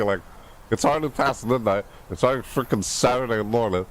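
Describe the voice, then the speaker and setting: A man streaming a live reaction, thinking aloud, rambling and correcting himself, with excitable bursts. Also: brisk, background noise. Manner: excitable, bursts into high shouts.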